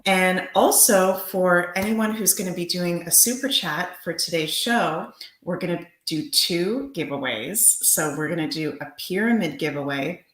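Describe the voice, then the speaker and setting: A low-pitched woman co-hosts a livestream in casual chat. She talks in an upbeat, gushing way. Her voice rings out in a noticeably echoey room. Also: unhurried, fairly bright tone. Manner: upbeat, gushing promotional talk. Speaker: livestream co-host.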